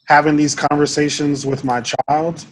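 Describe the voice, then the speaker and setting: A man's voice: a little high, steady tone, moderate pace, a little hiss or hum, rough recording. A father speaking with heartfelt emotion as a guest in a casual discussion.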